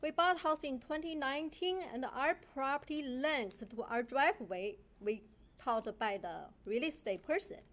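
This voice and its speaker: A middle-aged woman from China with a Chinese accent, giving an indignant public comment at a city council meeting in halting, broken English. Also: high voice, fairly bright tone. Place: council chamber.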